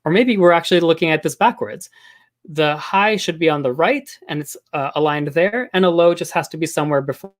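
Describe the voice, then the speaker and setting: A man giving an academic talk on linguistics, measured and thoughtful, with frequent pauses and fillers. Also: a little high. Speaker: linguistics lecturer.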